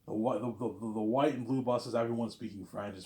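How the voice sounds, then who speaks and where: A man's voice: on the low side, fairly even intonation, fast, darkish tone, reverberant. A man talking in a casual, rambling monologue, repeating himself and tagging lines with "obviously". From lives in Quebec, Canada. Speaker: vlogger.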